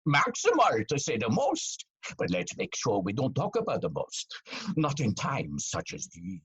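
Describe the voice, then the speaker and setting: An actor playing a pompous male airline captain who drawls grandiose, suggestive announcements in a raspy voice. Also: medium pitch, wildly swooping pitch, measured pace, fairly bright tone, exaggerated voice. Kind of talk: comedic audio drama acting.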